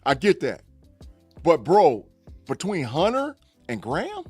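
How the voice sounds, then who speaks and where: Guy cohosting a sports show, emphatic and animated, bit higher voice, dry mic, low music behind. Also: slow pace. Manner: emphatic, lively, repeats himself. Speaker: podcast co-host. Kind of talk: casual sports chat.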